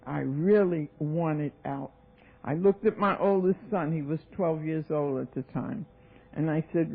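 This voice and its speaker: Woman in her seventies, gravelly voice, tinny tape. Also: deep voice, measured pace. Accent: New York. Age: 70s. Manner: storytelling, acting out voices, emphatic. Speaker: AA speaker. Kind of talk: recovery talk, personal story. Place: meeting hall.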